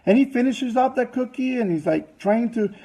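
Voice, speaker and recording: A man's voice: very high-pitched, lively intonation, moderate pace, mellow, poor audio. A man presenting to a business audience, telling a long anecdote in a loose, chatty way full of fillers and asides.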